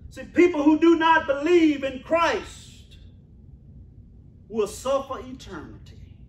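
A man preaching a sermon in a church, calling out to the congregation and repeating his phrases, swinging from shouts to hushed asides. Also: extremely high pitch, expressive, slow, echoey room, recorded from a distance. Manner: calls out to the congregation. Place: church sanctuary.

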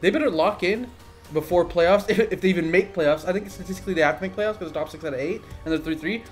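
A man's voice: high-pitched, fast talker, soft background music. Agitated young man ranting, profanity-laden. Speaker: gaming video creator. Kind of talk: profane live-reaction rant.

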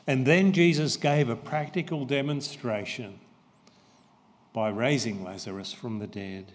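Male pastor, slow deliberate sermon, long church echo. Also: medium pitch, steady tone. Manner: slow, emphatic, repeats key phrases.

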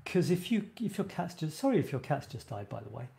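A man with a fairly high, sing-song voice that is gravelly yet mellow hosts a creative writing show, talking briskly over slight background noise. His casual live-stream chat rambles, and he often breaks off mid-sentence and laughs at himself.

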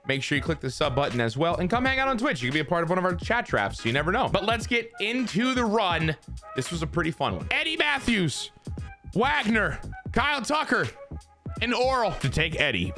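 A man streamer giving casual, joking, profane commentary while playing a baseball video game. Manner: animated, joking and profane, pitch swinging widely. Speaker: gaming streamer.

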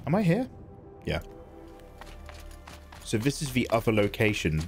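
A man chatting through live gameplay, excitable and jokey, thanking viewers as he plays. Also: medium pitch, measured pace, soft background music. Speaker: gaming streamer.

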